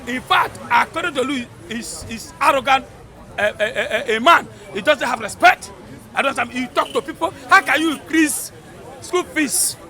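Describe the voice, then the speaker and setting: A man with a Nigerian accent, talking loudly and emphatically in a rambling street interview. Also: very high voice. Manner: fervent, loud, rambling and emphatic. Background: crowd noise.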